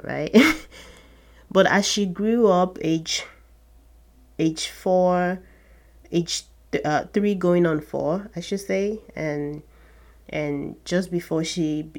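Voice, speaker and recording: Slow, low-voiced woman sharing a story. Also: darkish tone. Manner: earnest, reflective, with short laughs. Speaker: podcast host. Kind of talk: personal storytelling to listeners.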